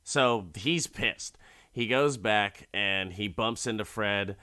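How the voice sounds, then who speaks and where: A man's voice: lowish voice, slow pace, pushed and bright, clean tone, no room sound. A man hosting a podcast, recapping an episode in a profane, joking, rambling way from his studio mic. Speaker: podcast host. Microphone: studio mic with headphones.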